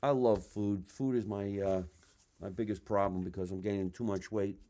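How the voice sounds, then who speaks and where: Middle-aged guy hosting a comedy show, lowish voice, loud and swears a lot, does little voices in his stories. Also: fairly even intonation, moderate pace. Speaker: podcast host. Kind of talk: casual comedic chat.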